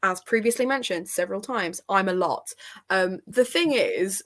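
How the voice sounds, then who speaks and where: Animated young woman chatting. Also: medium pitch, moderate pace. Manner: animated, self-mocking, swears casually. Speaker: book channel co-host. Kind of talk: casual chat.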